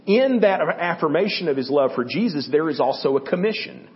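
Guy teaching bible stuff, kinda higher voice, keeps going okay? right?, dull muffled recording. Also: expressive, fairly quick. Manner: checks in often with "okay?" and "right?"; conversational, with restarts and fillers. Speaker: church teacher.

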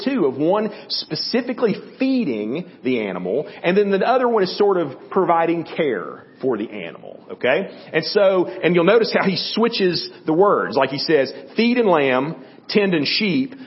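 A man with a fairly high speaking voice leads a Bible study in a loose, conversational way. He keeps checking in with his listeners and restarts his sentences as he thinks. The recording is dull and lo-fi. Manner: checks in often with "okay?" and "right?". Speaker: church teacher. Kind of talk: Bible teaching.

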